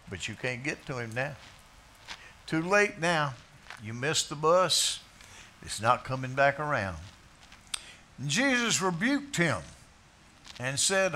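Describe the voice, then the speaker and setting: Preacher, male, slow and bright-toned, dramatic swings into loud scripture, faint background hum. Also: fairly high pitch, lively intonation. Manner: dramatic swings from quiet to shouted quotes. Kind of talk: sermon. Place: bar.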